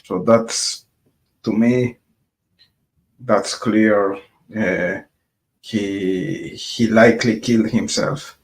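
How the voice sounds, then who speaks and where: A man talks through his vlog in English, his coming through. He speaks slowly and haltingly, filling gaps with frequent hesitations. His voice sits a little on the low side. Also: fairly even intonation. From Colombia. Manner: hesitant, many filler pauses. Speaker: vlogger. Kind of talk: casual vlog narration.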